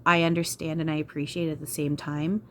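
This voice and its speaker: A woman's voice: sits low, little pitch movement, fast, fairly bright tone, a little hiss or hum. A woman channeler talking to camera in an emotional vlog, frustrated, sighing and swearing. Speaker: spiritual channeler.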